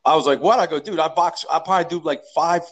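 A man in his forties, a strength coach, telling rowdy gym stories full of swearing and restarts. His voice sits a little high for a man as he rambles on and leans into each punchline. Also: fast, background noise. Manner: profane, rambling, animated storyteller. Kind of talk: casual storytelling interview.

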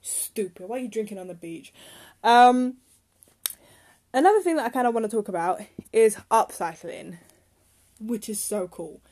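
A woman's voice: fairly high pitch, expressive, normal speed, pauses often, a little mellow. A young woman hosting a casual solo podcast, rambling and chatty and turning heated when she rants. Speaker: podcast host.

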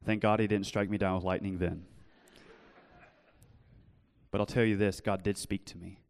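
A young man preaching earnestly in a church, telling his own story and then pleading gently with listeners. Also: low-pitched, flat delivery, normal speed, smooth, in a large hall. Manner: earnest, shifts from loud storytelling to soft pleading. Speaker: pastor. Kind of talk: sermon with personal testimony. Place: church hall.

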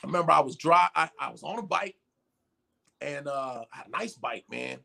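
A middle-aged man, a podcast guest, telling profane stories in an animated way and acting out the voices of the people in them. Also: a little high, brisk, gravelly. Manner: excitable and profane, acts out voices in his stories. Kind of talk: animated storytelling in casual chat.

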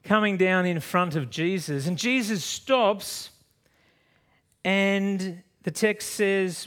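Pastor telling a Bible story. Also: male voice, high voice, takes it slowly. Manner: lively storytelling, swings from loud to soft. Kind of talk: sermon.

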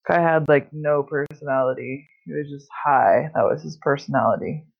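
A woman's voice: low voice, normal speed, gravelly, breathy edge. A woman telling stories in a casual chat, swearing constantly and rambling with lots of fillers. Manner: profane, rambling storytelling with many fillers. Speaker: podcast host. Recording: dull lo-fi sound.

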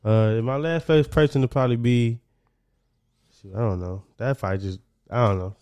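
A man's voice: medium pitch, fairly quick, mellow, dry recording. A man with a Southern US accent chatting casually, thinking aloud with lots of ums and uhs. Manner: laid-back, thinks aloud with many fillers. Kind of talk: casual chat.

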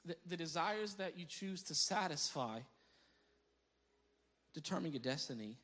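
Here a pastor's voice sits on the high side and moves unhurriedly through a conversational sermon. Telling his stories animatedly, he laughs a lot, and his restarted phrases leave repeated words behind.

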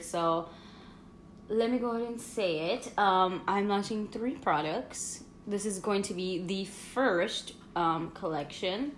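A woman's voice: mid-range voice, unhurried, roomy sound, slight background noise. A woman hosting her own podcast in casual, rambling chat full of fillers, talking while she eats at home. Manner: chatty, rambling, many fillers and laughs. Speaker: podcast host.

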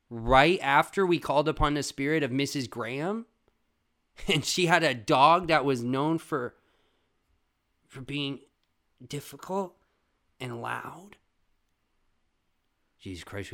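A young man hosting a podcast, telling a long casual story with plenty of swearing. He jumps from loud outbursts to quiet, muttered asides. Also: medium pitch, takes it slowly, pauses often. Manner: profane, animated storytelling with sudden loud bursts and quiet asides. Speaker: podcast host.

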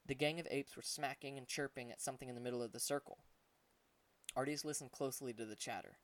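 A man reading an adventure audiobook, telling the story at a steady pace and voicing the characters. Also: mid-range voice, quick pace, recorded from a distance. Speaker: audiobook narrator.

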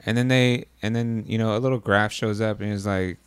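A man's voice: on the low side, steady tone, brisk, few pauses, smooth, no room sound. A man co-hosting a podcast in casual chat, laid-back and joking, often mumbling. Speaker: podcast co-host.

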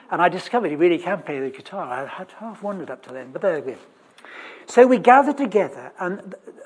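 Husky-voiced preacher telling a story. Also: medium pitch. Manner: chatty and humorous, with wry asides and questions to the audience; frequent restarts and sudden bursts of loudness for emphasis. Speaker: preacher in a church service. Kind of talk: sermon with storytelling and asides to the congregation.

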